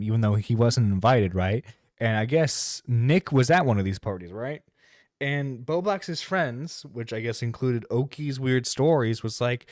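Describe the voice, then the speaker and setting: Man, streamer host, profane rambling commentary, mid-pitched voice, dry close sound. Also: no echo. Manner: exasperated, sweary, rambling.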